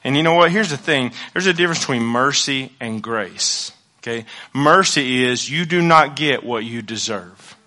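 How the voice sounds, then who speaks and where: Here a male pastor preaches with intensity, moving from loud pronouncements to whispered asides while repeating phrases. His mid-range voice is expressive, and his pace is moderate.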